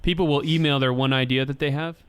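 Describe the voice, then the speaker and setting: A man with a smooth, clear voice chats casually as a podcast host. He is wry and laughs often while reading submissions aloud. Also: a little high, fairly even intonation, fast, fairly bright tone.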